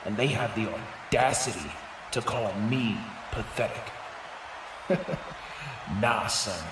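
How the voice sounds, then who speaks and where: A man's voice: medium pitch, slow. A man in a played-back video clip, lecturing indignantly about being mocked. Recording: roomy distant clip with background noise.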